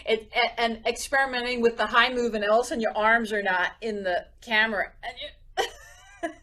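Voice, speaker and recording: A woman's voice: a little high, normal speed. A woman co-hosting a music education podcast, chatting casually and acting out whispers and gasps as she tells teaching stories. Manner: animated, acts out whispers and gasps. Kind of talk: casual chat.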